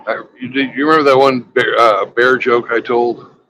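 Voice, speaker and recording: A man's voice: medium pitch, steady tone, normal speed, bright, forceful tone, a little hiss or hum, low-quality recording. A man on a road trip telling a crude joke in a loose, rambling, casual way. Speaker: vlogger. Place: travelling by road.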